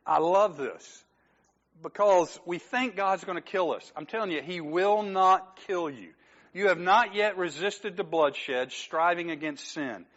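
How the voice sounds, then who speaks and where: A man's voice: on the high side, muffled recording. A man preaching a sermon as pastor, talking conversationally, joking with the congregation and acting out quoted lines.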